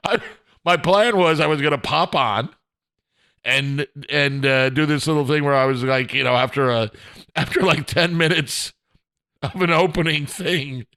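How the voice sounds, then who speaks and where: A man's voice: a little high, unhurried, bright, forceful tone. A man hosting his own solo podcast from home, rambling in a self-deprecating way, often chuckling and restarting his sentences. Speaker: podcast host. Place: home, indoors.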